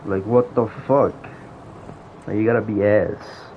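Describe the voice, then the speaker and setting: In a casual, profane rant, a male gaming vlogger tells stories from his early days in an online game. His lowish voice is steady and measured in pace, while the lo-fi recording sounds dull, with faint noise.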